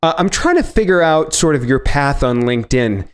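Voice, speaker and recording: A man's voice: a little high, sing-song, moderate pace, clean tone. A man hosting a marketing podcast, introducing his guest in a chatty, self-mocking way with some fillers. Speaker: podcast host.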